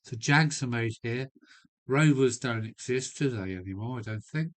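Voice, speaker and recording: A man's voice: medium pitch, moderate pace. An Englishman chatting on a live stream from his home loft, blunt and opinionated, rambling and swearing now and then. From England. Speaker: model railway live streamer. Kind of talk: casual rambling chat to a live audience. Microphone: live stream setup.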